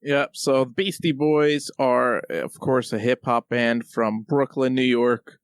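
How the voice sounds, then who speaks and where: A man's voice: mid-range voice, steady tone, slow pace, clear, resonant tone, no room sound, clean studio sound. A young man co-hosting a podcast, explaining loosely with plenty of fillers. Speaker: podcast co-host. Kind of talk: casual podcast chat.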